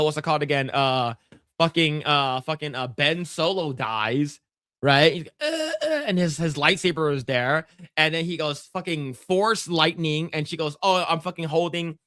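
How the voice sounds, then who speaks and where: Podcast co-host, male, casual and profane, animated pitch, dry close mic. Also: measured pace, smooth, no echo. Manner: profane, laughing, acts out scenes in high voices. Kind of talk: casual chat.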